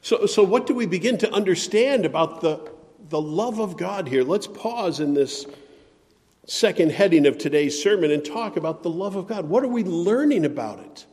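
A man preaching a sermon as pastor, measured and deliberate, dropping to quiet phrases and rising to emphatic ones. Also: sits high, lively intonation, long reverb tail.

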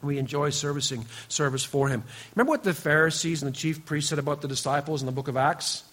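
A man preaching a sermon to his congregation, earnest and emphatic, often dropping to a quieter, lower voice and addressing listeners by name. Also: fast. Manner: speaks directly to the congregation, teasing members by name. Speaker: pastor.

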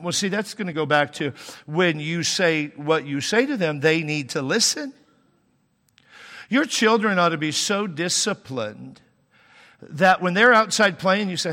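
A pastor preaching in a relaxed, talky way, breaking into humor and then rising into emphatic points. His voice sits a little high and rings bright and forceful. It carries the long reverb of a large church hall. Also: unhurried, long pauses. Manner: conversational preaching with humor and sudden emphatic rises. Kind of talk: sermon.

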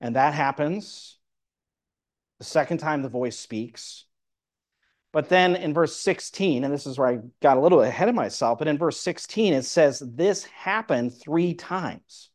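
A man's voice: fairly high pitch, darkish tone. A man preaching, explaining a Bible passage verse by verse and reading scripture aloud. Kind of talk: Bible teaching sermon.

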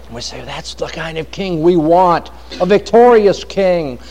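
Guy preaching a sermon, pretty high voice, really dramatic with the emphasis. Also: animated, unhurried, darkish tone, slight background noise. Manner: dramatic, varied emphasis, quotes scripture at length.

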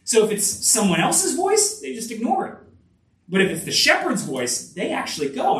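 A man preaching a sermon in an earnest, conversational way, often restarting phrases. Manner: earnest, with frequent restarts and lively rises in pitch. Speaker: pastor. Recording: echoey room, voice from a distance.

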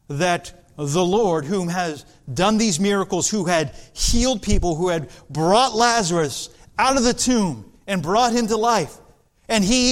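Here a man with a high voice preaches as pastor, taking an expository sermon at a slow, deliberate pace that builds into forceful stretches.

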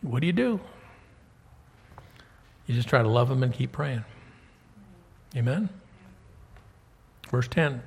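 A man preaching a sermon as pastor, animated and conversational, full of rhetorical questions. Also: medium pitch, slow pace, creaky, long pauses, breathy edge, big-room sound.

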